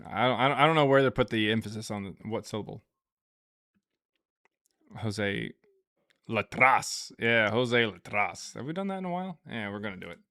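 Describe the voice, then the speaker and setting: A man's voice: lowish voice, lively intonation, normal speed, long pauses, bright, forceful tone. A man hosting a livestream, telling rambling jokey stories and reading out viewer super chats. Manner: joking, rambling storytelling with laughs. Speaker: livestream host. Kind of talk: casual livestream chat.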